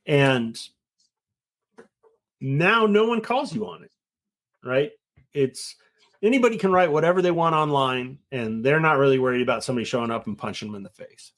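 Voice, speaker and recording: A man's voice: medium pitch, expressive, moderate pace, long pauses, a bit bright. Earnest rambling middle-aged man. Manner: earnest, rambling, acts out quotes. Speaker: guest. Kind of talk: casual conversation.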